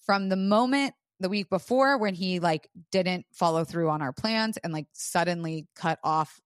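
A woman's voice: fairly low pitch, moderate pace, dry recording, studio quality. Frank, swearing woman podcast host. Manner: frank, profane storytelling with lots of "like". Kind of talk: casual chat.

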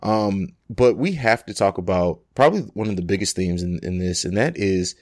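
A man's voice: low voice, normal speed, a little mellow, no echo, clean studio sound. A man hosting a podcast, asking questions and teasing his guest in casual chat. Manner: asks questions, playful teasing. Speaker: podcast host.

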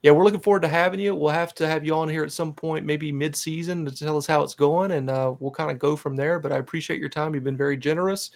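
A man's voice: fairly high pitch, fairly even intonation, fast talker, gravelly, hardly any pauses. A man hosting a casual fan podcast, upbeat and enthusiastic as he steers the interview segments. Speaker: podcast host.

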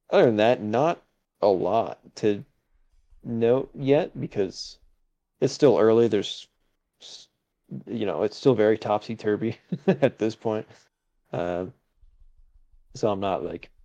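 A man's voice: lowish voice, dark tone, highs cut off. A man co-hosting a casual sports podcast, talking hesitantly with many fillers and chuckling asides. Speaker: podcast co-host.

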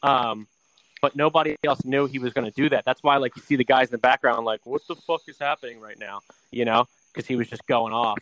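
A man co-hosting a movie podcast in casual chat, animated and laughing, swearing freely and jumping into loud impressions of movie lines. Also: mid-range voice, brisk, no echo, poor audio. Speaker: podcast co-host.

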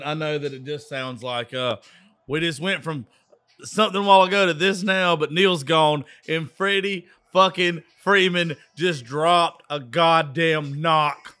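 Drunk southern guy yelling about ball on his radio show, crisp bright voice, dry sound. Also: fairly high pitch, a little slow, no echo. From Georgia, USA. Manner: rowdy, profane, excitable. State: tipsy. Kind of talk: drunk live sports commentary.

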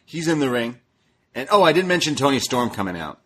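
A man's voice: medium pitch, fairly quick, a little hiss or hum. A man co-hosting a podcast, chatting casually and acting out what others said as he recaps a show. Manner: animated retelling, acting out quoted lines. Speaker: podcast co-host. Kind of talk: casual wrestling recap chat.

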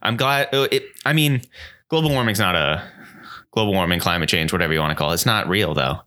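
A man's voice: low-pitched, fast, bright, forceful tone. A man co-hosting a casual chat show, cutting in with sarcastic, dry quips. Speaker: podcast co-host.

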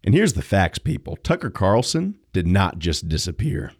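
A young adult man hosting an opinion podcast, sarcastic and animated, jumping between loud and quiet. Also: deep voice, moderate pace, breathy edge. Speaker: podcast host.

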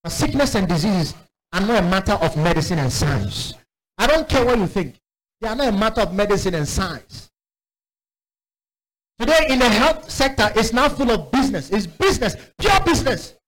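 A man delivers a sermon. His voice sits high and swings widely as he tells stories. He acts out the voices of the people in them with sudden high-pitched exclamations. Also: big pitch swings, normal speed, poor audio. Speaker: preacher.

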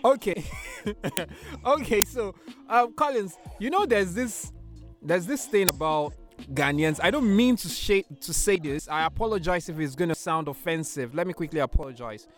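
Male talk host, high lively voice, playful banter. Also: moderate pace, soft background music. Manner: playful, teasing, laughs often. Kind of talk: casual chat.

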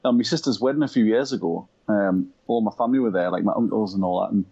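A man's voice: fairly low pitch, fast talker, vocal fry, mellow, husky. A man from Yorkshire co-hosting a podcast, telling rambling anecdotes with plenty of laughter. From Yorkshire, England. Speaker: podcast co-host. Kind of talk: casual chat. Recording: dull lo-fi sound.

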